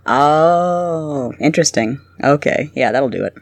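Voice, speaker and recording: Agreeable, easygoing woman co-host from Canada; relaxed chat, close and dry. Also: low voice, a little slow, dry recording. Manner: agreeable, easygoing, laughs often. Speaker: podcast co-host. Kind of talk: casual podcast chat.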